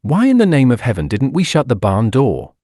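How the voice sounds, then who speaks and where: A man reading an audiobook, voicing an uneasy, scheming old ex-king who speaks in hushed tones. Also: mid-range voice, wildly swooping pitch, fairly quick, dry recording, clean studio sound.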